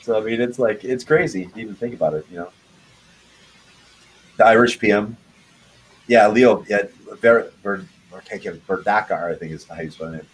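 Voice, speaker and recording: A man's voice: lowish voice, normal speed, long pauses, slight background noise, poor audio. A young man chatting casually as a podcast host, rambling and swearing often with frequent laughs. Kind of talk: casual chat.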